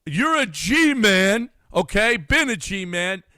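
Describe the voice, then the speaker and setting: A man hosting sports radio in a dry studio. His voice is bright and a touch high, and he pushes back on his guest with amused skepticism. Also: big pitch swings, slow pace, no room sound. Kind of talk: casual sports radio chat.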